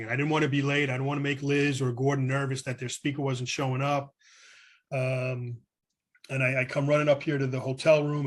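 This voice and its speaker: A man with a Brooklyn accent giving an earnest, rambling personal share at a recovery meeting over a video call from a hotel room, often restarting his sentences. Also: mid-range voice. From New York City.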